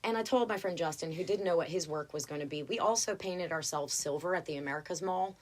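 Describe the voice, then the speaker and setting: A woman's voice: lowish voice, fast. A young woman from North Carolina with a Southern accent, telling stories in a casual interview and acting out the people in them. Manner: animated, acts out voices in anecdotes. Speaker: actress, interview guest. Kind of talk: casual storytelling chat.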